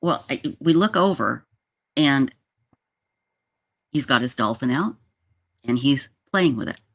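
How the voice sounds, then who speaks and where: Laughing, animated woman storyteller. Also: rumbling low, slow pace. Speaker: livestream host. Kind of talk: casual storytelling chat. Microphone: video call.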